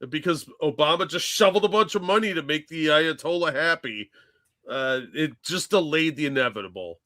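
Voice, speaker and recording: A man's voice: a little high, a little fast, pushed and bright. A man co-hosting a casual political chat show, bantering in a dismissive, sardonic way. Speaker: show co-host.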